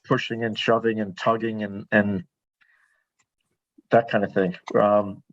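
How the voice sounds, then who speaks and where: A man's voice: fairly low pitch, level tone, measured pace, highs cut off. Folksy man chairing a meeting. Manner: folksy, joking. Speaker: board chair. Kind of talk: public meeting discussion.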